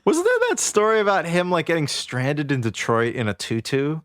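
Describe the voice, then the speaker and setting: Lively-voiced man podcast co-host. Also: fairly high pitch, normal speed, no room sound, clean studio sound. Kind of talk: casual chat.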